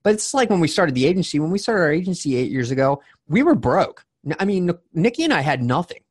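A man's voice: on the high side, lively intonation, quick pace, husky. A man in his forties hosting a podcast interview, telling personal stories candidly with many restarts. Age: 40s. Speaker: podcast host. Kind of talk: casual interview chat.

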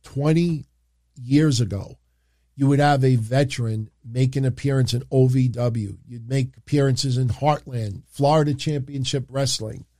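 A man hosting a casual livestream, talking in an excitable, rambling way and jumping into quick impressions. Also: mid-range voice, dry recording, clean studio sound. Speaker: wrestling show host.

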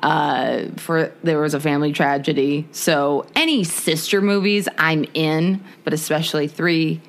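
A woman's voice: low voice, steady tone, unhurried. A woman co-hosting a podcast, chatting casually about movies with lots of laughter and asides to listeners. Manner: chatty, laughs often, addresses listeners as guys. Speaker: podcast co-host. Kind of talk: casual chat.

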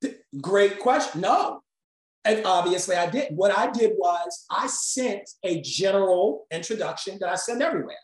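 A woman instructor leads a live class with animated storytelling. She acts out quotes with lively swings in voice. The room is echoey. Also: medium pitch, moderate pace. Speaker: communication instructor.

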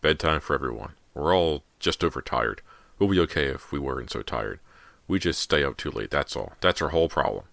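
A man's voice: very deep voice, expressive, a little fast, vocal fry, fairly bright tone, dry recording, full character voice. A man voicing a distraught middle-aged father who mutters and snaps. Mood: dazed. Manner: repetitive muttering, snapping.

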